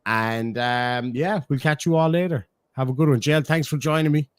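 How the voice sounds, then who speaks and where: A man's voice: medium pitch, normal speed, clear, resonant tone, no echo. An Irish man hosting a stream, chatting casually and swearing as he reacts to clips, laughing often.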